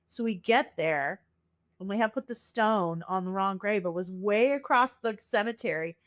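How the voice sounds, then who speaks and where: A woman's voice: medium pitch, moderate pace, dry recording, studio quality. A woman guest on a podcast telling her personal story with feeling, acting out the voices she quotes. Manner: earnest, animated, acts out quoted voices.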